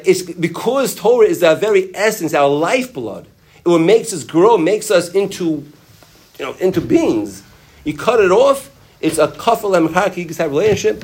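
A man's voice: sits high, darkish tone, breathy edge. A man teaching a Torah class in a conversational way, asking his listeners questions and often restarting his sentences. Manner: conversational, asks the audience questions; frequent restarts and "you know" asides. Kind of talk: Torah lecture.

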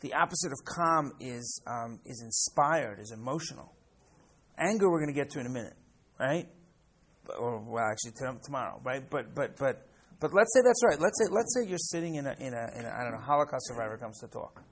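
A rabbi from the United States in his sixties teaches a class through personal stories, repeating words and often asking "right?". His mid-range voice is husky and expressive, and he speaks briskly.

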